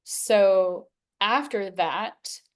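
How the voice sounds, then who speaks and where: Woman in her 40s telling her story as a guest, earnest and emotional, slow with long pauses, middle pitch. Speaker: interview guest. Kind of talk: personal testimony.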